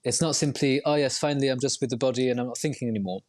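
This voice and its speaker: A man's voice: medium pitch, rapid-fire, a little mellow. A man as a podcast guest, explaining at length in a reflective, winding way with frequent restarts. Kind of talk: podcast interview.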